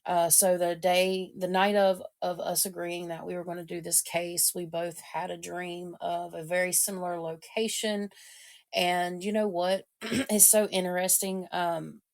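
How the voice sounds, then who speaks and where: Female podcast co-host with a gravelly texture, hesitant storyteller. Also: fairly low pitch, little pitch movement, a little slow. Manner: hesitant, frequent ums. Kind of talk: casual storytelling.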